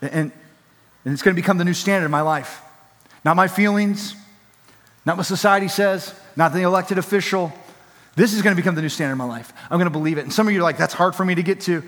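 A man preaches a sermon in a high, lifted voice, pressing his points with emphatic repetition. His voice rings with the long reverb of a big hall. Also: fast talker, a bit bright. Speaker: pastor.

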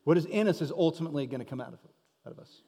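A man with a high voice preaches in a loose, joking, conversational way, telling a story to his listeners. His voice carries a long reverb from a big hall. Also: lively intonation, rapid-fire, warm tone, slightly rough. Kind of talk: sermon.

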